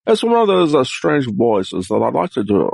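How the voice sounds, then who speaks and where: A man's voice: mid-range voice, big pitch swings, normal speed, vocal fry, a little mellow, no echo. A man practicing comic voice impressions, jumping between exaggerated silly voices.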